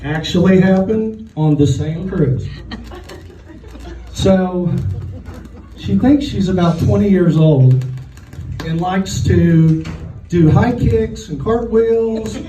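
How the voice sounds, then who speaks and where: High-voiced deadpan comedian in an echoey room. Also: male voice, slow, long pauses. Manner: deadpan storytelling with quoted voices. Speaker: stand-up comedian. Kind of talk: stand-up comedy set. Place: comedy night in a restaurant room. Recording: echoey room, voice heard from a distance.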